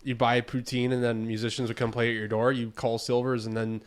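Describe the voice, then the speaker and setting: A man's voice: medium pitch, flat delivery, fairly quick, smooth. A man as a podcast guest in casual chat, laid-back and slangy, swearing casually.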